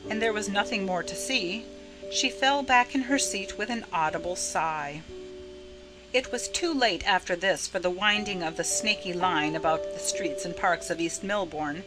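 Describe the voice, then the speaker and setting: A woman reading a novel chapter aloud in a measured, expressive narration. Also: medium pitch, low-quality recording. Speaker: audiobook narrator. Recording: narration with music underneath. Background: music.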